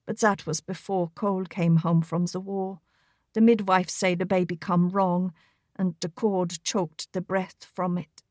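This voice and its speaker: A woman voicing a warm young pregnant German housewife who speaks soft, broken English with a German accent. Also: medium pitch, fairly even intonation, normal speed, no echo, studio quality, close to an everyday voice. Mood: sad.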